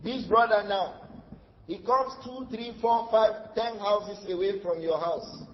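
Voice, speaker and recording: A man with a Nigerian accent giving a lively sermon as an Islamic lecturer, acting out dialogue in his stories and laughing often. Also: high voice, unhurried, slight background noise. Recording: dull lo-fi lecture recording.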